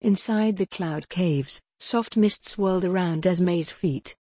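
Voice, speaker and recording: A synthetic woman's voice gently narrating a bedtime story in a soothing reading manner. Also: lowish voice, takes it slowly, breathy edge, no room sound, studio quality.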